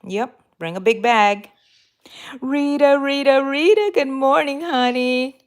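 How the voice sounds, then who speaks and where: A woman's voice: sits high, expressive, slow. A woman hosting a crochet live stream, chatting casually and answering viewer comments while she crochets, rambling with fillers and self-corrections. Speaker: crochet livestream host.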